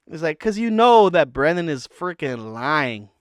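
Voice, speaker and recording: Commentary host, man, clear smooth voice, a bit high, mocks and imitates. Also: big pitch swings, a little fast, few pauses, dry recording, clean studio sound. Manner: blunt, mocking, acts out quotes. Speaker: reaction channel host. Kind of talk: casual commentary on clips.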